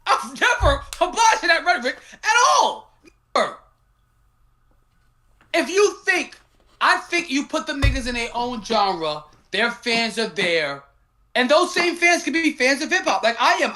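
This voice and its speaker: A man in his thirties argues loosely and profanely. His high, bright voice swings widely in pitch and often breaks into laughter. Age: 30s. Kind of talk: casual debate.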